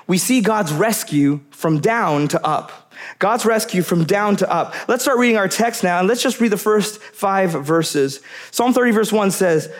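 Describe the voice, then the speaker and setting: High-voiced man preaching a sermon. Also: a little slow. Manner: earnest, repeats key phrases for emphasis. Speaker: pastor.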